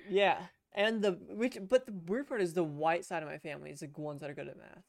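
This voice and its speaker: A man's voice: high voice, brisk, gravelly, dry recording, studio quality. A young man co-hosting a casual podcast, telling a long rambling story with swearing and restarts. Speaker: podcast co-host. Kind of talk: casual chat. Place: home room at a computer. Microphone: headset.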